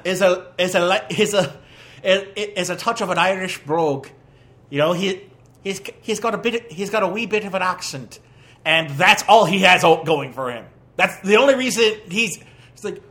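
A man hosting a podcast, ranting through a movie review in an animated, exasperated way with crude jabs. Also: sits high. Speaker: podcast host.

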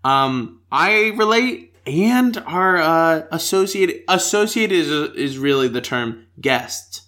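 A woman's voice: low voice, animated, takes it slowly, fairly bright tone. A woman hosting a casual podcast, bantering and laughing at herself. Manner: giggly, self-deprecating banter. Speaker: podcast host.

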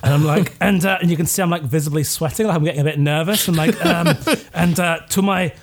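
A man playing a tabletop game, excitable and laughing as he describes his character. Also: fairly high pitch, quick pace. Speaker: player. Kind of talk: casual tabletop game play.

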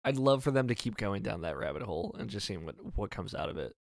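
A man's voice: lowish voice, sing-song, quick pace, creaky, dry recording, studio quality. A man reviewing a video game in a casual discussion, talking eagerly and rambling with lots of fillers. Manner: enthusiastic, rambling with many fillers.

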